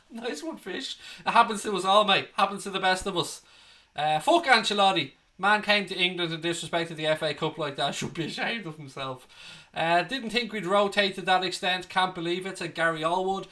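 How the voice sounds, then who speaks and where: Bright-voiced man bantering with chat. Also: high voice, brisk. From Ireland. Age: 30s. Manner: banter, swearing, joking with viewers. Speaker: fan channel host reading live chat. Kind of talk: casual livestream chat.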